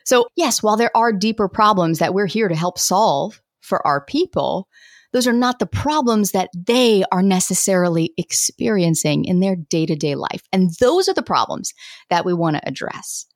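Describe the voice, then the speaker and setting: Animated woman podcast host, dry sound. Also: medium pitch, normal speed, dry recording. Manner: animated, acts out listeners' voices. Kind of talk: energetic solo podcast teaching.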